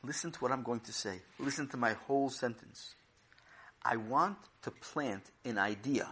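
A man voicing a calm, patient community rabbi who speaks slowly and evenly. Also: medium pitch, breathy edge. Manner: measured, patient, slow.

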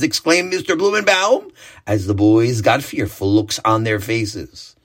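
Lively, husky male storyteller. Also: medium pitch, normal speed. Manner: expressive, animated read-aloud. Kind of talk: children's story narration.

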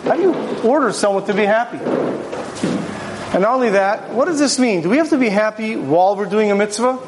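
A man's voice: high voice, animated, brisk, background noise. A man, a rabbi, giving a conversational Torah class, telling stories and posing rhetorical questions. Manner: storytelling, poses rhetorical questions. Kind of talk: conversational religious lecture.

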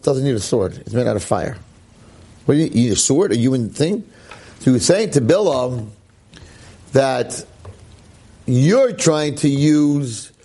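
A man, a rabbi giving a Torah lecture, excitable, swinging from low asides to high exclamations and peppering his talk with Hebrew terms and "right?".

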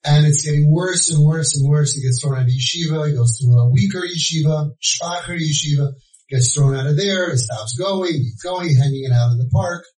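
A man's voice: on the high side, moderate pace. Man telling a story in an echoey hall. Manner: animated and joking, acts out the dialogue. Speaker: lecturer and counselor to families. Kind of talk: storytelling talk to a live audience. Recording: echoey, voice from far off.

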